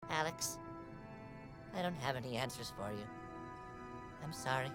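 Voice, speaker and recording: A soft-spoken stuffed panda, as an actor voices it. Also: mid-range voice, lively intonation, moderate pace, close to an everyday voice. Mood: apologetic. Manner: soft, apologetic. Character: stuffed toy panda, gentle and helpless. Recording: game audio under heavy music.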